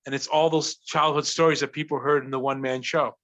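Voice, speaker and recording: A man in his forties from Providence, a guest telling stories in an eager, animated casual chat. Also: on the high side, brisk, highs cut off. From Providence, Rhode Island. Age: 40s. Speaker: guest actor and writer.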